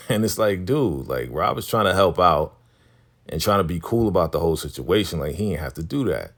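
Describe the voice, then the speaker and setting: Man, very low and gravelly, casual TV recap vlogger, loose conversational retelling. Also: expressive, normal speed. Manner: retells scenes conversationally, quoting characters loosely.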